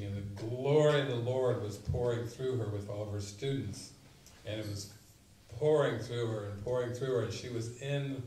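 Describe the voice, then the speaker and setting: Man, spiritual teacher, storytelling retreat talk, bursts of loud quotes, mid-pitched voice, distant mic. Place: retreat meeting room. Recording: roomy, mic at a distance, faint noise.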